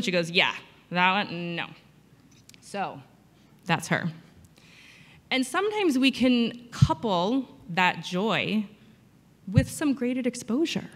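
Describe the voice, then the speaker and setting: A woman's voice: fairly low pitch, fairly bright tone. A woman physical therapist giving a conference talk, telling patient stories and acting out the quotes. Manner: storytelling with acted-out quotes. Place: conference hall. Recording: long hall reverb.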